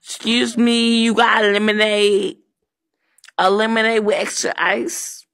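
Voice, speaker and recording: A fussy customer with a drawling, mock-polite way of ordering, keeps saying "excuse me", as a woman puts her on. The speech is slow and gravelly, dragged out with a husky creak. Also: medium pitch, level tone, fairly bright tone, dry recording.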